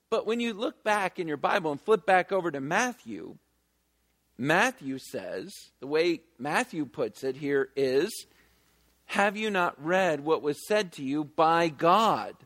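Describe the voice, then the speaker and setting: A man preaching a sermon, emphatic and animated, with quick conversational asides. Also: on the high side. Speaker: pastor. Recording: long hall reverb.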